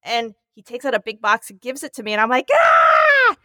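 A woman telling a funny story in casual chat, animated and acting out the voices of the people in it. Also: on the high side, quick pace, dry recording, shouting, clean studio sound.

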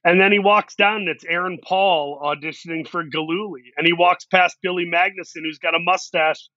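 A man spins animated anecdotes as an interview guest and acts out the lines of the people in them. His voice is bright and sits a little high. The sound is close, dry and a touch dull. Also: moderate pace, no room sound. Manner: animated anecdotes with quoted asides. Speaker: actor guest. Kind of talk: storytelling interview.

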